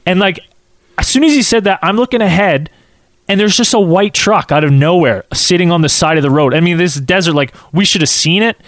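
A man telling a casual anecdote, acting out quotes in an animated way and saying "like" a lot. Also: sits high, fairly quick, no echo, clean studio sound.

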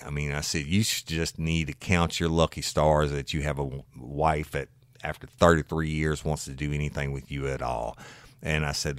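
A man, a former patrol deputy, telling a story from one of his calls in a blunt, animated way and swearing freely. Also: a bass voice, moderate pace, smooth, no room sound, studio quality. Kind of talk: casual true-crime storytelling.

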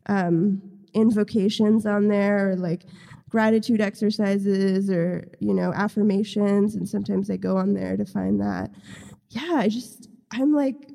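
A woman's voice: medium pitch, steady tone, unhurried, vocal fry, dark tone, long reverb tail. A woman guest on a podcast, chatting casually and rambling with many fillers.

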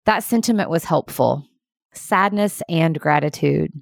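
A woman with a low voice gives a motivational talk to leaders, earnest and emphatic. The recording is dry and close, with no room sound. She talks at a brisk pace. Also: creaky, no echo. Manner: earnest, fast-paced and emphatic.

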